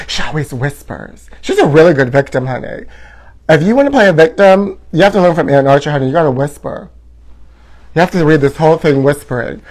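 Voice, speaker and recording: A man's voice: a little high, animated, a little fast. Campy chatty man hosting a live gossip stream. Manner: campy, theatrical, calls viewers honey; reads fan comments aloud. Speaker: host.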